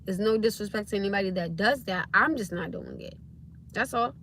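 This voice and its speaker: A woman's voice: medium pitch, brisk, fairly bright tone, a little hiss or hum. A young woman hosting a casual livestream, talking bluntly and emphatically, often repeating herself to drive a point home. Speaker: livestream host.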